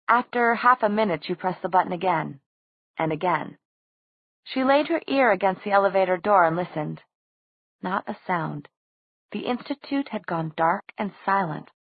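Woman audiobook reader, husky and lowish, thin phone-like dry sound. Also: no echo. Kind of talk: scripted narration.

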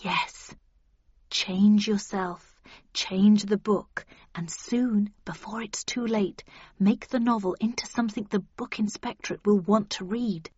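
A woman's voice: mid-range voice, slow pace, a little mellow, husky, dry recording, highs cut off. A woman voicing a firm, coaxing woman agent. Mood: encouraging. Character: brisk, level-headed woman book agent.

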